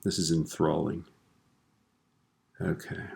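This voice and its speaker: A man teaching a screen-recorded software lesson in a relaxed way, tossing in corny jokes and tag questions, recorded at a computer. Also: extremely low pitch, slow pace, vocal fry.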